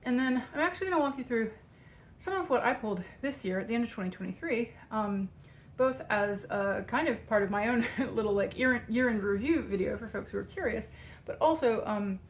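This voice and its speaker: A woman hosting her tarot coaching channel speaks briskly in a slightly high voice with lively intonation. Out of breath, she chats and rambles through a casual video explanation of a tarot practice, with faint background noise.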